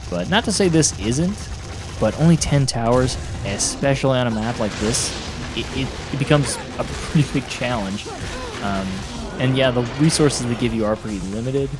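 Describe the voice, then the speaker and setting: A man's voice: medium pitch, expressive, moderate pace. A young man giving casual gameplay commentary, rambling, blunt and mocking, laughing often. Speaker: gaming commentator. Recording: music playing behind voice.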